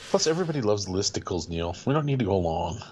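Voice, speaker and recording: A man's voice: fairly low pitch, sing-song, fast talker, darkish tone, a little hiss or hum. A man co-hosting a music show, rambling wryly through opinions in casual chat. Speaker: radio show co-host. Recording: slightly dull lo-fi sound.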